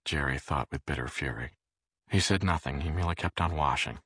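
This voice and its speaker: Deep, gravelly male audiobook narrator. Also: no echo, studio quality. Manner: measured, expressive reading.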